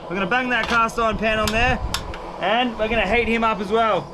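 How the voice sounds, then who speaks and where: A man's voice: high voice, fairly even intonation, a little fast. Laid-back young Australian man outdoors. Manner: laid-back slangy Aussie banter. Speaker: outdoor vlogger. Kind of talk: casual chat to camera. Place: outdoors by a roadside, windy. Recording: outdoor wind and passing traffic noise.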